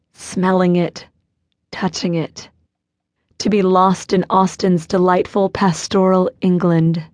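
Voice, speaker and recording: Measured woman narrating an audiobook. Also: fairly low pitch, darkish tone, dry recording. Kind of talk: first-person scripted narration.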